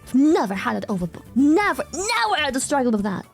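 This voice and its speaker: A woman from Germany chatting casually on stream, telling stories in an excitable, animated way and swearing freely. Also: sits high, brisk, soft background music. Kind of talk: casual chat.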